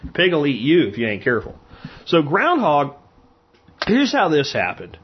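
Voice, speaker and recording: A fairly high-voiced man from Pennsylvania with a husky edge. He tells hunting and cooking stories casually, rambling and frank, often stumbling over repeated words. The recording sounds dull and lo-fi. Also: wildly swooping pitch, moderate pace. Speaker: hunter and cook. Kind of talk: casual storytelling.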